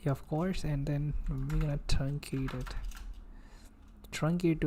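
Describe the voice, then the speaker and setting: A man's voice: on the high side, steady tone, slow pace, darkish tone, a little hiss or hum. A man with an Indian accent chatting casually on a live coding stream, muttering to himself and reading tutorial text aloud.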